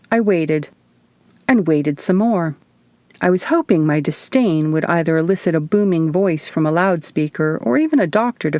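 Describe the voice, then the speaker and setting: A woman narrating her own novel aloud in the first person, at a measured storytelling pace. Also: sits low, darkish tone, no room sound. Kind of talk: audiobook narration.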